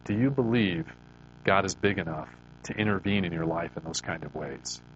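A Christian speaker with a fairly low voice delivers an earnest, faith-filled devotional talk in a conversational style at a moderate pace. He often restarts sentences by repeating words. The audio is dull, with a faint hum in the background.

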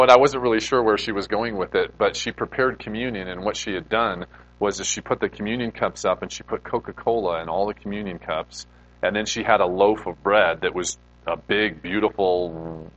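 Man, pastor, low voice, relaxed conversational sermon, rhetorical questions. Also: moderate pace, lo-fi sound. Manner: informal, asks the listeners rhetorical questions.

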